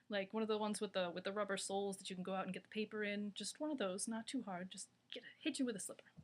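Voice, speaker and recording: Young female vlogger, casual and wry, talkative, filler-heavy delivery to camera. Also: medium pitch. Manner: chatty and wry, lots of "like".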